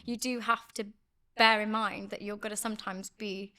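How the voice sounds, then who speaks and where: A woman's voice: mid-range voice, little pitch movement, moderate pace, sharp tone. A woman from Wales, a conveyancing solicitor, explaining her work step by step in an earnest, casual interview.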